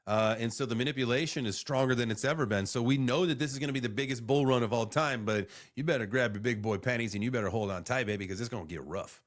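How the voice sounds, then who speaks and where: A man's voice: mid-range voice, fast talker, few pauses. A man hosting a casual live crypto reaction stream, rambling and swearing as he reacts to clips. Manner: rambling, profane, animated.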